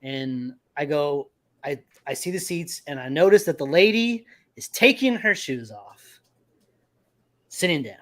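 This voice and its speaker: A man hosting a podcast, telling a story in casual chat with lots of swearing and animated retelling. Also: a little high, unhurried. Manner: profane, animated storytelling with laughs. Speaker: podcast host.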